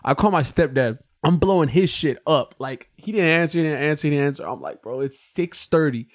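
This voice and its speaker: A young American man with a slightly higher voice tells a long story on a podcast. He talks casually and swears freely, and his voice jumps up when he quotes himself. The sound is dry and close, with little room in it. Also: fairly quick, no echo. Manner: animated, profane, acts out quotes in a raised voice. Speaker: podcast co-host.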